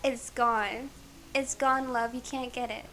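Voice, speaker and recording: A woman's voice: on the high side, steady tone, takes it slowly, pushed and bright. A woman streaming a life-sim game, chatting casually and playfully while she plays and talks to the characters.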